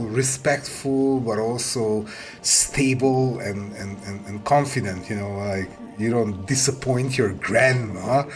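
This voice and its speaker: A man running a tabletop game as game master, narrating in a low voice at a very slow, unhurried pace. He often stumbles and repeats words as he paints the scene. Music plays clearly behind him. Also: a bit bright, rough recording. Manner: halting, repeats words, vivid description.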